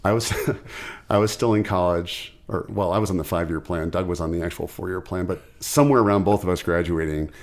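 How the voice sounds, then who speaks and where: A man and musician, a podcast guest telling stories in a casual chat, acting out the people he quotes. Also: deep voice. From Ohio, USA. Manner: animated storyteller, quick and chatty, acts out quotes.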